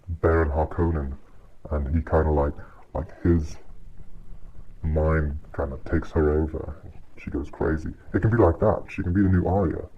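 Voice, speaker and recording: A man giving a casual, exasperated movie rant on his channel, swearing often and sighing between points. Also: extremely low pitch. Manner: exasperated, profane, frequent sighs. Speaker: video creator reviewing a movie. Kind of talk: casual ranting commentary. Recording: dull lo-fi audio with faint hiss.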